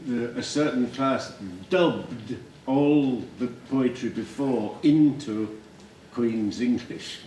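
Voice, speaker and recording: Male poet, Yorkshire accent, slow and measured reading voice; distant mic in a roomy hall with faint background ambience. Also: medium pitch, mellow, slight background noise. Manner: slow, measured, deliberate delivery. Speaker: poet reading his own work. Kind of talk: poetry reading with commentary. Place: library reading room.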